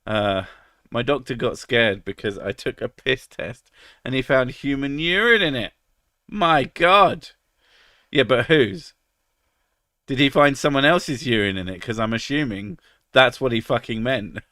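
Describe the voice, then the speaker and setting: A man's voice: mid-range voice, normal speed, sharp tone, dry recording, clean studio sound. A man with a cold, casually chatting on a live stream, joking crudely and reading out chat messages. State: has a cold, about to sneeze.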